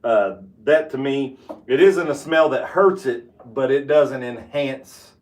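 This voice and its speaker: A man giving a casual tasting review of bourbon, talking with halting restarts and fillers. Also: mid-range voice, darkish tone, reverberant, far from the mic. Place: home basement room.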